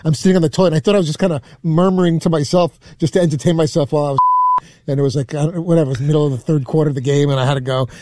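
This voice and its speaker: A man's voice: a little high, steady tone, racing, darkish tone, no echo. A man telling a rambling, self-deprecating story on a radio show. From New York. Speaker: show regular. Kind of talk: anecdotal radio chat.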